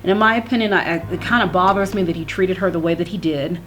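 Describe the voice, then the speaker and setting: A woman explaining a play in a casual teaching manner, reading verse slowly and then paraphrasing it plainly. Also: fairly low pitch, a little hiss or hum. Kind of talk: explanatory read-through of a play. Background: soft background music.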